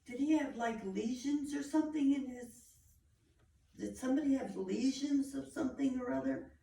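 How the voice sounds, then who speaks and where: A woman working as a psychic medium, giving a family a reading in a halting, searching way, often repeating herself. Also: high-pitched, gravelly, dark tone. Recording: echoey room from far off, faint noise.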